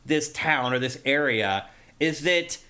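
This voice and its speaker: A man's voice: a little high, animated, slow, bright, forceful tone. A man hosting a casual gaming podcast, eagerly walking through game features. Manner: enthusiastic, explanatory, runs through game features. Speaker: podcast host. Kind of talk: casual chat.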